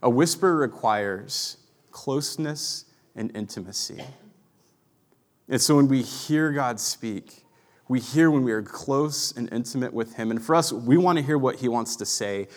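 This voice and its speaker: A man in his thirties preaching a sermon, earnest and reflective, often dropping to a hushed voice. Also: mid-range voice, a little slow. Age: 30s. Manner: earnest, reflective, drops to a hushed voice for quiet moments. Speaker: pastor.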